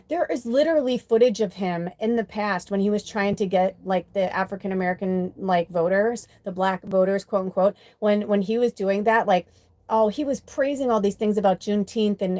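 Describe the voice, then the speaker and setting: A woman hosting a spiritual live stream, chatting casually and animatedly with lots of fillers and curse words, sometimes mimicking other people's voices. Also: mid-range voice. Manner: animated and profane, many fillers, quotes voices in mock tones. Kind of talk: casual live stream chat with tarot reading.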